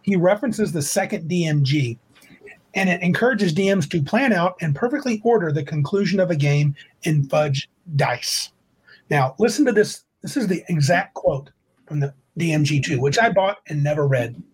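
Husky higher-voiced man rambling casually. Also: animated, moderate pace, rough recording. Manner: rambling, self-correcting, reads quotes aloud. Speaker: podcast co-host. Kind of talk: casual livestream chat.

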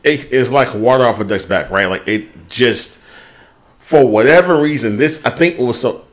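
A mid-range voice at normal speed belongs to a podcast co-host in casual conversation. He candidly goes over his week, dropping swear words freely.

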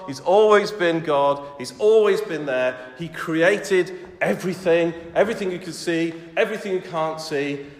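Preacher in an echoey hall. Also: male voice, fairly high pitch. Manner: conversational preaching, rhetorical questions, drops to soft intimate tones. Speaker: church elder preaching. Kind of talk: sermon. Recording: echoey hall with long reverb.

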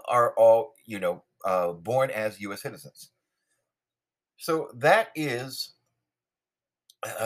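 Man, political commentary, sarcastic, rambling, lots of fillers, lively pitch. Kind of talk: opinionated monologue. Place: New York City.

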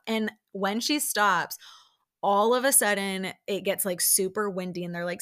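Young woman, podcast host, chatty recap, crisp bright tone, middle pitch. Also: normal speed. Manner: chatty, many "like" fillers, acts out quotes. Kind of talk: casual storytelling recap.

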